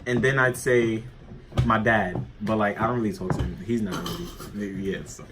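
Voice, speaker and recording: A man's voice: on the low side, fairly even intonation, normal speed, noisy background. A young man in a casual chat, talking expressively and repeating words for emphasis. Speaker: co-host.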